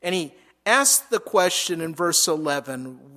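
A man's voice: fairly high pitch, animated, a little slow, bright, forceful tone. A man preaching a sermon, reading scripture verses aloud and explaining them, with frequent small repetitions. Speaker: pastor.

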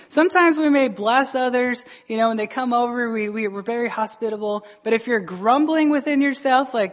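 Male pastor, conversational sermon, talks to the congregation like friends, throws in quick acted lines. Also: extremely high pitch, expressive, a bit bright. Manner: chatty, keeps asking "right?" and acts out quick voices.

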